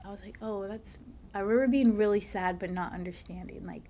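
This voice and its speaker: A soft-spoken woman in casual conversation as a podcast guest. She speaks haltingly with plenty of fillers, her voice often sinking into a breathy near-whisper, at a medium pitch with a faint hiss behind her. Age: adult, a mother. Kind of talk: casual conversation, personal storytelling.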